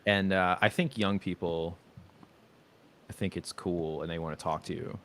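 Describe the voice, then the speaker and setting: A man in his thirties talks casually into a home mic on a video call. His voice is very low. He rambles in a hesitant way, often stopping to correct himself. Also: fairly even intonation, moderate pace, a bit bright, a little hiss or hum. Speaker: stream host. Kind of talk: casual chat.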